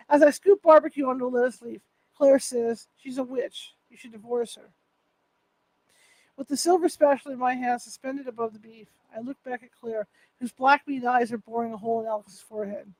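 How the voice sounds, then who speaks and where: A woman's voice: a little high, darkish tone, dry recording, low-quality recording. A woman reading a first-person novel aloud, unpolished, with restarts and self-corrections. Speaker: author reading her novel.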